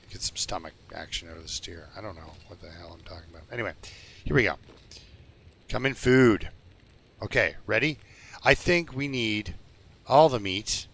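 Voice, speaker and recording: A low-voiced man rambles through a live game stream, joking with his chat. His voice is gravelly with a bright, edgy tone, and faint music plays behind him. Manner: rambling, jokey, talks to chat. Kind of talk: casual live-stream commentary.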